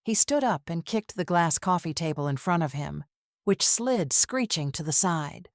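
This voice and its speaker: A woman narrates a family drama in a steady, measured way. Her voice sits on the low side and is recorded dry and close. The quoted lines get little change in voice. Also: no echo. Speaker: storyteller. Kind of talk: scripted narration.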